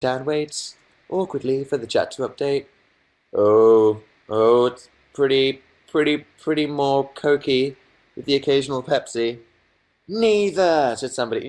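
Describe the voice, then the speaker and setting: In a medium-pitched voice with a darkish tone, a young man from England hosts an informal livestream from his bedroom. He reads the chat aloud and answers with wry, sarcastic asides.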